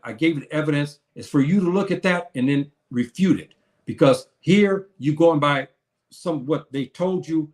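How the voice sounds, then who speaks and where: A man lecturing on a live stream, reading and answering viewers' comments with frequent restarts and hesitations. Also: on the high side. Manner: halting, many restarts, reads and answers comments. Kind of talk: live-stream teaching and chat replies.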